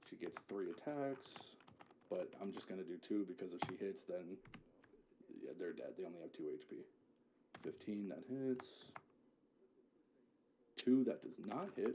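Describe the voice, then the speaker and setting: Lively game master man. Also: on the low side, slight background noise. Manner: casual, swears and corrects himself a lot. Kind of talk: narrating a tabletop game.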